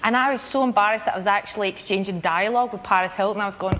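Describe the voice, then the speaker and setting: Lively Scottish woman telling a story. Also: medium pitch, quick pace, background noise. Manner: lively storytelling, laughing between lines. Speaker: talk show guest. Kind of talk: anecdote on a chat show.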